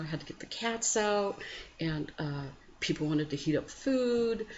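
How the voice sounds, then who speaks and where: A deep-voiced woman hosts a spiritual morning talk, leading listeners gently through breath and reflection with long pauses. Now and then her voice lifts in sudden energy. The recording is a little muffled, with a faint hiss behind her. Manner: slow, gentle, pausing, with sudden lively rises. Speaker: host of a spiritual morning program. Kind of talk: reflective guided meditation talk. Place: home at night. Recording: slightly muffled home recording with faint background noise.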